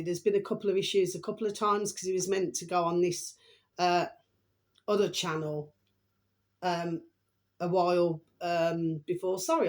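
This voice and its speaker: A chatty woman rambles through a casual vlog in a fairly low voice, drifting off topic and apologizing for her stumbles. She keeps coming back to an affectionate pet phrase for her viewers. The talk is loose and unscripted, full of fillers. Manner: rambling, chatty, often repeats a pet phrase and says sorry. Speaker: channel host.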